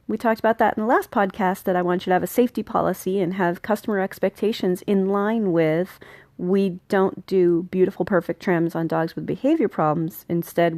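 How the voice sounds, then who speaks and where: A woman's voice: fairly low pitch, darkish tone, no room sound. A woman hosting a podcast on dog grooming and training, talking in a chatty, friendly way and laughing now and then. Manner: friendly, chatty, laughs often, acts out dogs' thoughts. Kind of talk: casual instructional podcast talk.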